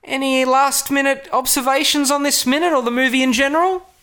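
A man hosting a podcast in casual chat, playful and quick to laugh. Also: very high-pitched, fairly even intonation, bright, forceful tone. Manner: laughs often, playful and joking. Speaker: podcast host.

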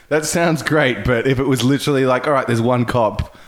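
An Australian man chats casually as a podcast co-host, laughing often and slipping into goofy voices for made-up quotes. His voice sits at a middle pitch for a man. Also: normal speed. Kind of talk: casual chat.

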